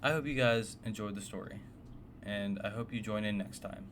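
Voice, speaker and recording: A man's voice: lowish voice, normal speed, a bit bright. A man casually narrating a personal story, blunt and swearing often, with a faintly noisy background. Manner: blunt, profane, exasperated.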